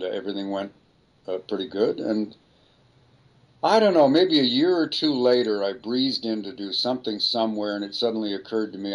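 An older man, a voice actor, speaking as an interview guest and reflecting on his career in a rambling, self-deprecating way. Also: lowish voice. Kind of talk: casual interview storytelling.

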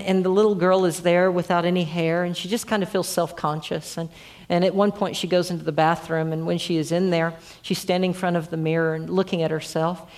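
Woman preacher telling a sermon story; halting repeats that build to emphatic peaks. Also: on the low side.

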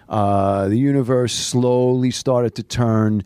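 A man telling a long story as a podcast guest, animated and full of restarts, recorded in a studio late at night. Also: medium pitch, slow, hardly any pauses, clear, resonant tone, no room sound. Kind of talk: casual storytelling.

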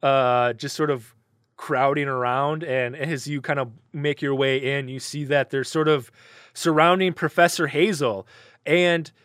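Casual male GM; fairly high pitch, dry close sound, loose and filler-heavy. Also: steady tone, unhurried, fairly bright tone, no echo. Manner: loose and rambling, full of fillers like "kinda". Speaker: game master. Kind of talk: narrating a tabletop game.

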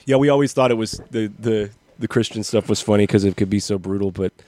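A man's voice: lowish voice, fast, mellow. A man hosting a casual podcast chat, joking and laughing often as he asks questions. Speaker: podcast host.

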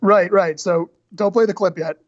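A man's voice: sits high, steady tone, normal speed, dry recording, highs cut off. An American man co-hosting a podcast, chatting casually and playfully. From United States. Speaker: podcast co-host. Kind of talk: casual chat.

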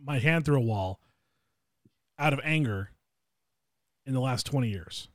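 A man co-hosting a podcast, telling a story in a casual, profane way that swings between loud and quiet. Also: mid-range voice, a little slow, dry recording, clean studio sound. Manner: animated, swings loud and quiet, swears a lot. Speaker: podcast co-host.

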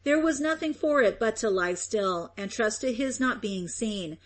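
A woman's voice: on the high side, lively intonation, unhurried. Woman reading an adventure audiobook. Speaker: audiobook reader. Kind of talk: scripted narration.

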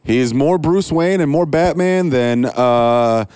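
A man's voice: medium pitch, takes it slowly, a little mellow, smooth, dry recording. A man co-hosting a podcast, chatting casually, rambling and swearing as he corrects himself. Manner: rambling, profane, self-correcting. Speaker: podcast co-host. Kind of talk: casual chat.

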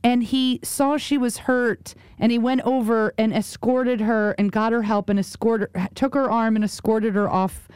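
A woman co-hosting a casual chat show, telling animated stories with quick asides and repeated words. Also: fairly high pitch, smooth, no room sound, clean studio sound. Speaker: co-host.

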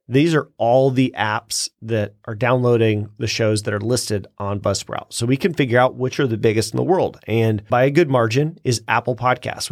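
A man's voice: medium pitch, no echo, studio quality. A man co-hosting a podcast, explaining things step by step in casual chat and laughing easily. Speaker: podcast co-host.

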